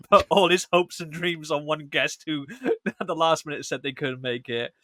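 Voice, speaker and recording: A man's voice: a little high, moderate pace, sharp tone, no room sound, studio quality. A man co-hosting a podcast in casual chat, joking crudely and laughing often. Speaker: podcast co-host.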